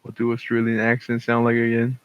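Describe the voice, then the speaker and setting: A young man co-hosting a podcast, excitable and quick to jump in with reactions in casual chat. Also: mid-range voice, clear, resonant tone, no echo, dull audio. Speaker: podcast co-host.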